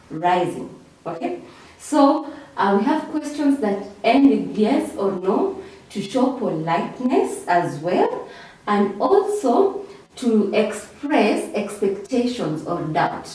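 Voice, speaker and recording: Slow, lively teacher in an echoey room. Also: female voice. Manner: repeats key words, ends phrases with a high "okay?". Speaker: English teacher. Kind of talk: classroom revision lesson. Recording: echoey room, voice far from mic.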